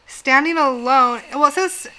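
A woman's voice: sits high, pushed and bright, slight background noise. A woman hosting a casual podcast, telling a spooky legend in a chatty way, swearing freely and laughing often. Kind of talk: casual chat.

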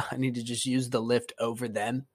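A man hosting a casual solo podcast, telling a story in profane, animated bursts that climb into a rant. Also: mid-range voice, moderate pace, no echo. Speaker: podcast host.

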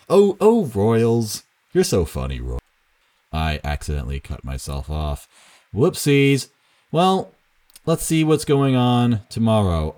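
A man's voice: fairly low pitch, a little mellow. A young man talking through baseball news in a casual, rambling way, self-mocking, with many fillers and chuckles. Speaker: baseball commentator. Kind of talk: casual solo commentary.

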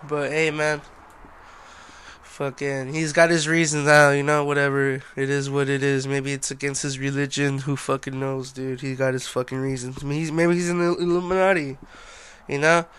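A man's voice: medium pitch, little pitch movement, moderate pace, a bit bright, clean tone. A young man hosting a casual solo podcast, laid-back and a little tipsy and sluggish, swearing constantly and saying "dude" a lot. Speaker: podcast host.

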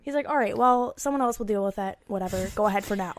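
A young woman telling a story in a casual chat, animated and laughing often. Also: mid-range voice, fast. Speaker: guest.

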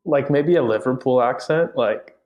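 A man's voice: mid-range voice, highs cut off. A man co-hosting a casual football podcast, talking with stumbles and laughs. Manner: animated, hesitant, stumbles and laughs. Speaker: podcast co-host.

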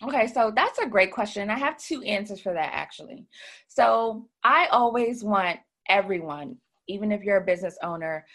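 A woman's voice: mid-range voice, expressive, normal speed, a bit bright. A woman who runs a credit repair business, chatting as an interview guest and telling her story with many fillers. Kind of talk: casual interview talk.

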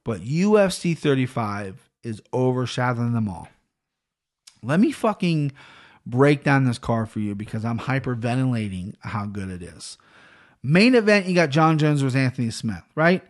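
A man hosting a solo podcast, ranting in a rambling, profane and excitable way into a studio podcast mic at a home recording setup. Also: medium pitch, normal speed. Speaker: podcast host.

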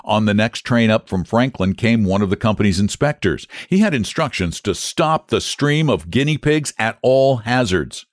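A man hosting a podcast and reading a classic short story aloud in a steady, clear way. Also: fairly low pitch, dry recording, studio quality. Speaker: podcast host and narrator.

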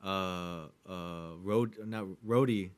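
A man's voice: low voice, takes it slowly, clear, resonant tone. A man in casual, profane chat, laid-back and reminiscing about a movie.

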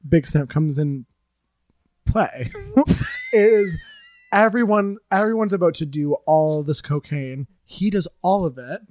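A woman guest on a comedy podcast, telling an absurd improvised story with playful, theatrical deadpan. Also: deep voice, unhurried.

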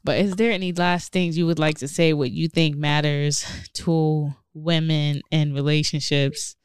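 A woman's voice: deep voice, measured pace, smooth, no room sound, studio quality. A young woman hosting a podcast, telling a casual story with lots of slang and acted-out quotes. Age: young adult. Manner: animated storyteller, acts out quotes, profane slang. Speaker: podcast host.

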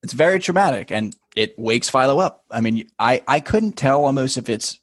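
A man's voice: mid-range voice, lively intonation, normal speed, husky, no room sound. A man co-hosting a casual podcast chat, laying out the plot of a TV episode in a laid-back way. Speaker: podcast co-host.

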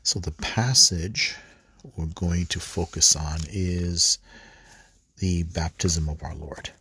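A man hosting a podcast Bible study, reading scripture and prayers aloud, with halting pauses and restarts. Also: deep voice, fairly even intonation, bright, forceful tone, slightly rough. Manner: halting, many fillers and restarts while reading. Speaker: podcast host.

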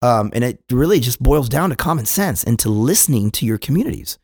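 A middle-aged Californian man, a police chief, answers podcast questions earnestly in a mid-range voice that is a little fast, a little mellow, and edged with breath. His intonation is lively, and he often restarts sentences by repeating words. The recording is clean studio sound with no echo.

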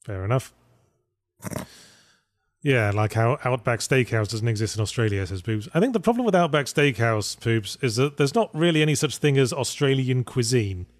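A man co-hosting a podcast, his wry, deadpan remarks coming across plainly. His voice sits at a middle pitch. It is recorded close up with a dry, dead sound. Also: normal speed, no room sound. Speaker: podcast co-host. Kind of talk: casual podcast chat.

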